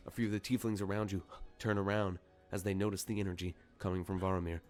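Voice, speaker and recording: A man with a fairly low voice narrates a tabletop game as game master. He talks loosely, stumbling and restarting, while soft music plays faintly behind. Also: flat delivery, quick pace.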